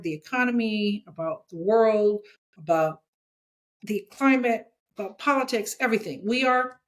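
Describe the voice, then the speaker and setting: A woman in her sixties, a guest in an interview, talking in an animated, emphatic way and checking her points with "okay?". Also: mid-range voice. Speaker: guest, comics editor. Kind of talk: casual interview chat.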